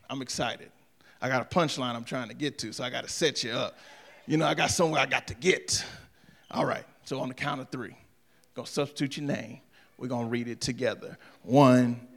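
A man preaching a sermon, talking straight to the congregation with humor and swinging from soft asides to shouting. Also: medium pitch. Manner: humorous, talks to the congregation directly. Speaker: pastor.

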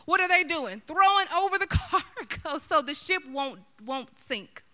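A middle-aged woman preacher giving a sermon, animated and chatty, talking straight to her listeners. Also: extremely high pitch, unhurried. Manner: animated, chatty, addresses the audience directly.

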